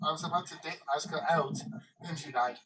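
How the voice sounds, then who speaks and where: A man chatting as a guest on a livestream, telling stories haltingly in a deadpan way. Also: fairly high pitch, far from the mic, low-quality recording. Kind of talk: casual group chat.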